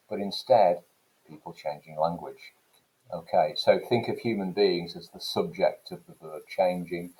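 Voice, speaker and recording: Male teacher, deep and warm, lecturing in an easy classroom way, leaning on "okay" and "so" between points. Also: rough recording. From England. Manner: explanatory, with frequent "okay" and "so" fillers. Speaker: English teacher.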